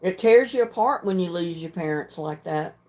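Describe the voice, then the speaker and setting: A woman's voice: on the low side, expressive, moderate pace, darkish tone. Frank older woman livestreaming. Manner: frank, plainspoken, clears throat often. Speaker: livestream host. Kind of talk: casual chat reading viewer comments.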